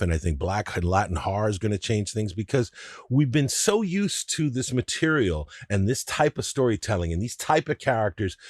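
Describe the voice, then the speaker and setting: Male co-host, lowish voice, lively pitch, explanatory, dry close mic. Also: dry recording. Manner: expressive, explanatory, with restarts. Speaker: podcast co-host. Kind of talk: casual discussion.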